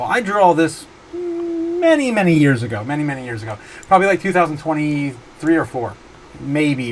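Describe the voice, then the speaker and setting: Guy hosting a chill stream, kinda high voice, keeps cracking up laughing, lots of uhs. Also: slight background noise. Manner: giggly, often breaks into helpless laughter; rambling, many fillers and restarts. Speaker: livestream host. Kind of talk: casual livestream chat, reading viewer comments.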